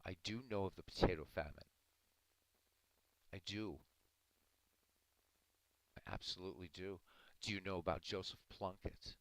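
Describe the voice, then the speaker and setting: A man's voice: low-pitched, moderate pace, long pauses, a bit bright, rough recording. A man who says he is Irish, streaming live and arguing back at his chat in a casual, combative way. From Ireland. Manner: argumentative, talking back to chat.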